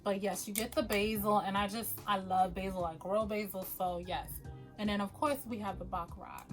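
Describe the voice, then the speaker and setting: A woman talking casually to the camera as a perfume vlogger, animated and quick to laugh, often calling her viewers y'all. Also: mid-range voice, music in the background, poor audio.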